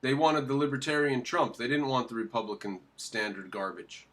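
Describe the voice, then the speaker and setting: A man in the middle of opinionated commentary, with a voice of ordinary pitch. He presses his points hard, asking rhetorical questions and answering them at once. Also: fairly even intonation, moderate pace, fairly bright tone. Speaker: political commentator reacting to a video clip.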